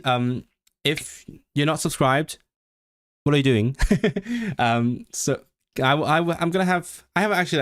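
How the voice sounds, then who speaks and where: Young guy chatting on a livestream, rambly, keeps restarting his sentences, medium voice. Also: medium pitch. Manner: rambling, self-correcting, chatty; reads practice sentences aloud slowly. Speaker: livestream host. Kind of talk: casual livestream chat.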